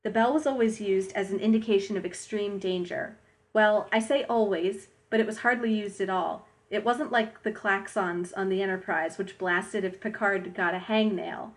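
A woman's voice: medium pitch, steady tone, moderate pace. A woman co-hosting a casual discussion, breezy and wry, offering asides. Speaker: podcast co-host.

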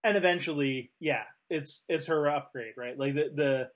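A man's voice: fairly high pitch, moderate pace. A man co-hosting a casual discussion, talking with many fillers and restarts. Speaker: podcast co-host.

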